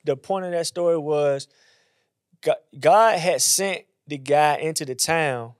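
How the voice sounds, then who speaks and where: A man who is a pastor, chatting about faith in a casual, animated way and acting out quotes in a higher voice. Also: a little slow, dry recording, clean studio sound. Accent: Southern US.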